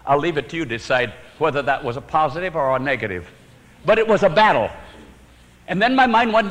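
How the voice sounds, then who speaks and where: A man preaching a sermon, telling his own story with sudden swings from emphatic to hushed and chuckling at his own jokes. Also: fairly high pitch, lively intonation, brisk, long reverb tail, rough recording.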